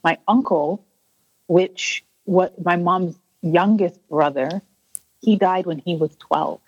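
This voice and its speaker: A woman's voice: lowish voice, slow pace, slightly rough, no room sound, lo-fi sound. Earnest woman telling a personal story. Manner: earnest, repeats and restarts, acts out quoted voices. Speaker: interview guest.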